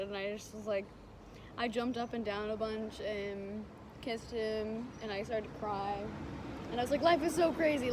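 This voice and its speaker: A young woman vlogger telling a story in casual chat, acting out what people said. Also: fairly high pitch. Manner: animated storytelling, acting out quotes. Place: vacation house near a beach. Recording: noisy background.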